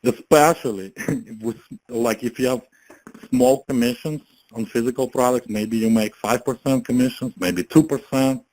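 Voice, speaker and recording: A man's voice: medium pitch, normal speed, a little mellow, a little hiss or hum, rough recording. A man, telling his story in a casual motivational talk, chatty, laughing often and full of fillers and restarts. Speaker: network marketing speaker.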